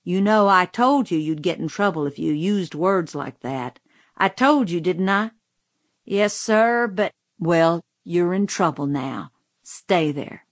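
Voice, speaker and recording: A woman reading the lines of a firm grown uncle in an audiobook, in a measured voice close to her own. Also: on the low side, expressive, dry recording, full character voice. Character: firm grown uncle, strict but fair.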